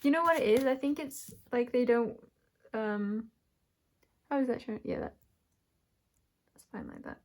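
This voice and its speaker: A woman doing a pick-a-pile tarot reading, speaking in a searching way, often correcting herself and thinking aloud with soft laughs. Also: fairly high pitch, normal speed, long pauses. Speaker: tarot reader. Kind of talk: intuitive tarot reading to camera.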